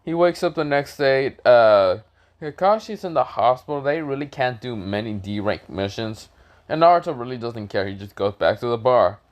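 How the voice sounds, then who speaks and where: A man's voice: mid-range voice, animated, normal speed, dull audio. Rambling young man retelling a fan story. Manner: rambling and casual, with frequent self-corrections and swearing. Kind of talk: improvised fan-fiction retelling.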